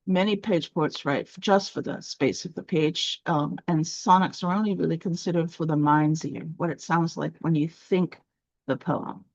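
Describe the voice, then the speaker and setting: A woman with a fairly low voice teaches poetry, explaining terms step by step with fillers and restarts. The recording is dry and a little dull and lo-fi. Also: fairly even intonation, moderate pace, darkish tone, no echo. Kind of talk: online lesson.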